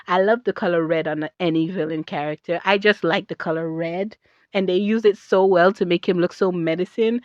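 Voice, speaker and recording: A sassy woman rants to her camera in a lively, chatty way and wanders off on tangents. The sound is dull and lo-fi, with a dry, close feel and no room echo. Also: mid-range voice. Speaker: video creator and artist. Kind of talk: casual rant to camera.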